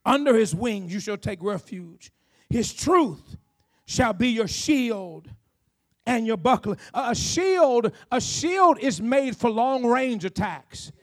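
High-voiced preaching man. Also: lively intonation, takes it slowly. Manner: preaching with rising shouts and call-outs to the congregation. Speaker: pastor. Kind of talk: sermon.

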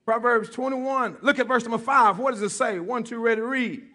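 A man's voice: very high-pitched, steady tone, moderate pace, pushed and bright. A man preaching a sermon as pastor, joking with his congregation, calling for responses and repeating key phrases for emphasis.

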